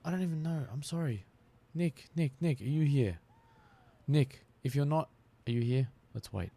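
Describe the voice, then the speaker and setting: A man's voice: on the high side, normal speed, gravelly, dark tone, slightly rough. A man, chatting casually on a live stream while he plays, often laughing and repeating words.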